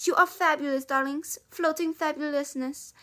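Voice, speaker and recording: A woman's voice: sits high, fairly even intonation, moderate pace, a bit bright, voice pushed up. Woman doing a grand French drama teacher. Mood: dramatic. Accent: put-on French.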